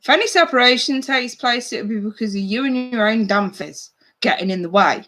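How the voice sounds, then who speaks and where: A woman's voice: fairly high pitch, a little fast, a bit bright. A woman giving live tarot readings to her viewers in a chatty, blunt way, swearing casually. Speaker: tarot reader.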